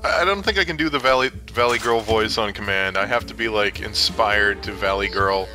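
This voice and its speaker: A man's voice: on the low side, fairly quick, music in the background. A man chatting casually on a gaming stream, telling sheepish, self-deprecating stories. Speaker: stream co-host. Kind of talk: casual chat while gaming.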